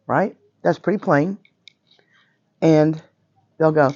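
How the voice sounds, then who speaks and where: A woman in her sixties with a hoarse, nearly gone voice, teaching a witchcraft class in a chatty, emphatic way and often checking in with "right?" and "okay?". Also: sits low, slow pace, pauses often, darkish tone, no room sound, highs cut off. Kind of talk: informal class lecture. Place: metaphysical shop classroom.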